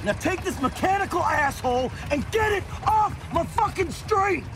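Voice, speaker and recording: Brief: furious profane shouter, strained high voice, lively and erratic, noisy clip audio. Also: male voice, normal speed. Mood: angry yelling. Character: furious middle-aged man yelling at hippies.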